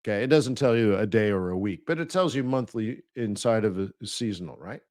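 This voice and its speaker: A man's voice: lowish voice, lively intonation, a little fast, a little mellow. A man hosting a live trading webinar, chatty and playful, laughing at his own jokes and mimicking people in mock voices.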